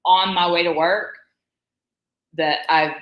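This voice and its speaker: A woman's voice: fairly low pitch, steady tone, slow pace, fairly bright tone. Chatty Southern woman, echoey room. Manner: chatty, laughs often, rambling. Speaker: co-host of a live stream. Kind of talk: casual live-stream chat.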